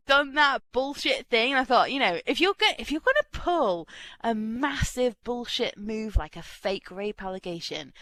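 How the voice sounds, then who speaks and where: A woman's voice: a little high, lively intonation, moderate pace, bright, forceful tone, no room sound. A woman ranting in casual voice chat, profane and laughing often. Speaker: online game player.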